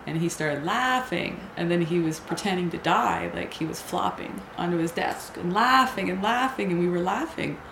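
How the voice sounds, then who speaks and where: Halting woman telling a personal story. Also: fairly low pitch, vocal fry. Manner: hesitant, halting, full of restarts. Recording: echoey room with noise.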